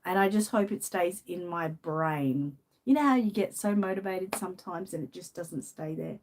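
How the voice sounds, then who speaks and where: A woman's voice: lowish voice, normal speed, darkish tone, a little hiss or hum. A woman from Australia with an Australian accent, hosting a casual live-stream chat, reading out viewer comments and laughing often. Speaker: channel host.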